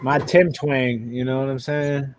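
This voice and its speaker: A man's voice: medium pitch, little pitch movement, measured pace, slight background noise. A man chatting casually about reselling, telling stories in a rambling way with many fillers. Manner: rambling storyteller, filler-heavy. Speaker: reseller host.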